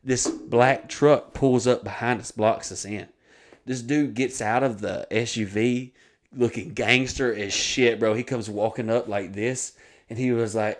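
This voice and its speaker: A man's voice: lowish voice, normal speed. A man telling a comic story on a podcast, swearing freely and acting out the voices of the people in it. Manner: profane, animated, acts out quoted voices.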